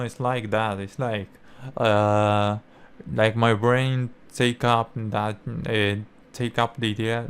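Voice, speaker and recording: A young man whose first language is Spanish, explaining language learning in halting English full of fillers and restarts. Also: medium pitch, clear, resonant tone. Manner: halting, many fillers and restarts, non-native phrasing. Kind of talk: casual explanatory talk.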